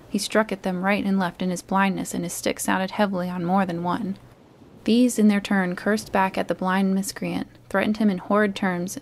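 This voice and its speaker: A woman reading a classic adventure story aloud in a calm, soothing narration. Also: medium pitch, creaky, slight background noise. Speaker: storybook reader.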